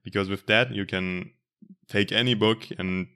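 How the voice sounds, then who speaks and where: A man in casual conversation, reflective and earnest, filling pauses with "like" and "uh". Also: fairly low pitch, fairly even intonation, sharp tone, clear, resonant tone. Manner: reflective, earnest, uses fillers like "like" and "uh". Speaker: conversation partner. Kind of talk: casual chat.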